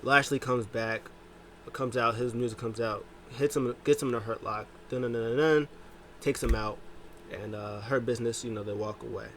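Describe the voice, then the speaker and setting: A man talks through last night's wrestling in a loose, casual recap, his pitch leaping up whenever he quotes someone. There's a faint hiss of noise under the recording. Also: moderate pace. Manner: animated retelling, jumps pitch to quote wrestlers. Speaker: wrestling show recap host.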